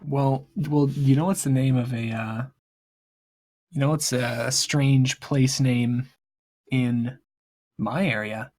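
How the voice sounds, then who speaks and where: A man chatting casually between game sessions, talking haltingly, stumbling over his words and laughing as he goes. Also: medium pitch, steady tone, darkish tone. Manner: halting, stammers and laughs mid-sentence. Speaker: player.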